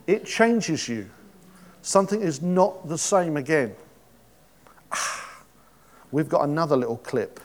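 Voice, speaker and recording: A man's voice: on the high side, expressive, unhurried, pauses often. A man giving an informal sermon, chatty and joking, with many restarts. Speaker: preacher.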